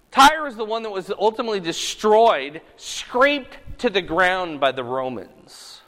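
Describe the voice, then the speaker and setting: A man's voice: sits high, big pitch swings, a little slow, hardly any pauses, fairly bright tone, big-room sound. A man teaching a Bible study in a conversational, sermon-like way, moving between casual asides and earnest, emphatic preaching.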